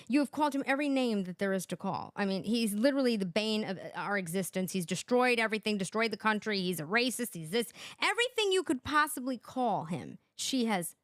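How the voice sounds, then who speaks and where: A woman's voice: medium pitch, dry recording, clean studio sound. A woman hosting a reaction commentary, talking sarcastically and laughing often as she mocks the clips. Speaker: commentary channel host.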